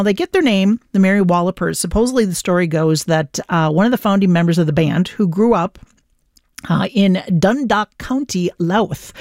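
A chatty, upbeat woman hosting music radio, her voice sitting at an ordinary middle pitch. She talks casually with easy fillers, spinning little stories about bands. The studio sound is close and dry, with no room echo. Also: darkish tone.

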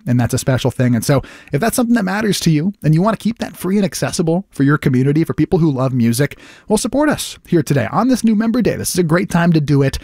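Fast-talking radio host making an appeal. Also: male voice, a little high, very animated, dark tone, dry recording, studio quality. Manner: earnest, persuasive, rapid. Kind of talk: pledge drive appeal. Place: radio studio. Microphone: studio mic.

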